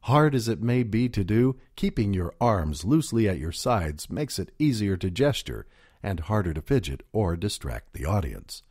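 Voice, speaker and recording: Male narrator for an instructional audio program, low and mellow, measured, close dry studio read. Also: big pitch swings, husky, no echo.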